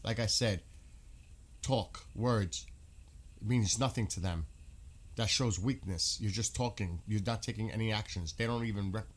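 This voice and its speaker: A man's voice: lowish voice, a little slow. A man giving casual live commentary on news, indignant and firing off rhetorical questions.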